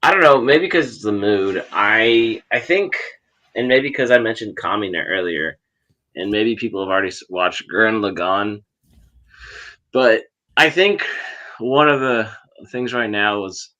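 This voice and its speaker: A man co-hosting a relaxed anime chat with a bright, forceful tone. He thinks aloud in halting bursts and questions his co-hosts. His voice sits a bit low. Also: highs cut off. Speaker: podcast co-host. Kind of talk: casual chat.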